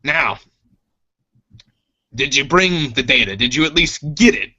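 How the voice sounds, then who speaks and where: A man voicing a gruff, four-armed male alien mechanic boss in a tabletop space game, hearty with friends and bossy with his crew. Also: medium pitch, lively intonation, unhurried, bright, forceful tone, lo-fi sound, full character voice. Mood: curious. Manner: hearty, then bossy and scolding.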